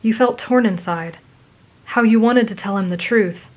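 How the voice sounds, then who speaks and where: A woman narrating a romantic story gently for an ASMR audience. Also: on the high side, normal speed.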